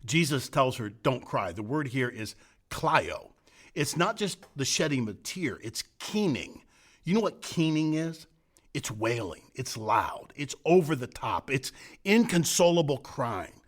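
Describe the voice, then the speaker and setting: A middle-aged man, a senior pastor, preaching an earnest sermon, building emphatic repeated phrases and then dropping to soft, hushed lines. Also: mid-range voice, big pitch swings, measured pace.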